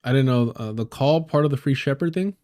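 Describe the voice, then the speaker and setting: A man hosting a live stream, chatting loosely and swearing often. His tone is joking and full of slang, at an ordinary pitch for a man. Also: brisk, warm tone. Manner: profane, joking, uses a lot of slang. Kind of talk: casual storytelling on a live stream.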